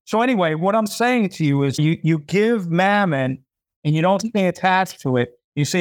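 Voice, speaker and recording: A man's voice: high voice, animated, moderate pace, dry recording. A man hosting a podcast, giving an impassioned faith talk in a fervent, preachy way, repeating himself and voicing imagined listeners.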